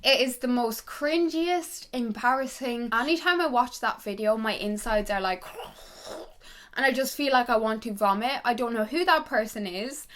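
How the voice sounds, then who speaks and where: Chatty young woman, bright pitch. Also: moderate pace. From Ireland. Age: young adult. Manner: chatty, gossipy storytelling. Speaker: YouTuber. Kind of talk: casual chat to camera.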